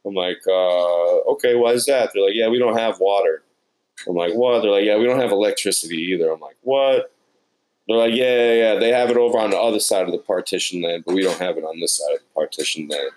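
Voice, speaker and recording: A man's voice: lowish voice, fairly quick, darkish tone, rough recording. A man, a production sound mixer, recounting his experiences in an interview and acting out the people he met in quoted dialogue. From New York. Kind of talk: interview storytelling.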